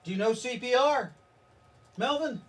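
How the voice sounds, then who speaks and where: A man running a tabletop game as game master, talking in a rambling, halting way and laughing at his own jokes. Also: very high voice, lively intonation, a bit bright, distant mic.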